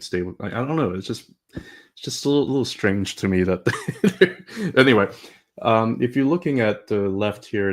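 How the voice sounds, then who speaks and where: A man with a low voice walks through stock charts in casual commentary. His talk is loose and hedging, dotted with "you know" and "kinda". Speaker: co-host chart analyst.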